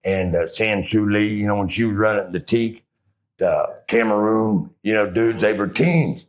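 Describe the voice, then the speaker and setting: Middle-aged ex-Marine guest, very low voice, rambling crude storyteller. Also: male voice, moderate pace. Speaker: interview guest, former Marine. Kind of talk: casual storytelling.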